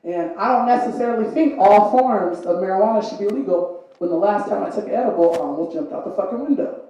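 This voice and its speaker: A young woman with a lisp from braces doing a stand-up comedy set, animated and putting on voices for the people in her stories. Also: mid-range voice, fast. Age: young adult. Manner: animated, voices others in quotes. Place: comedy venue with laughing audience. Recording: very echoey live room.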